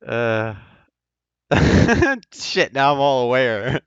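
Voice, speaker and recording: Casting man, New York accent, lively joking dev on a dull lo-fi mic. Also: medium pitch, drawn-out words, clear, resonant tone, no room sound. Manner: joking, laughs easily. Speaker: game developer streaming his work. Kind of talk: casual chat on voice call while coding.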